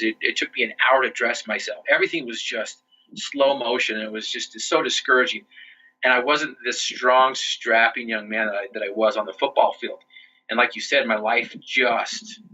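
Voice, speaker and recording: A man recounting his life on a podcast interview, earnest and unpolished, restarting his phrases often. His voice is very bright but husky. The audio sounds muffled and lo-fi. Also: mid-range voice. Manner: earnest, with frequent restarts and "you know". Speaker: interview guest.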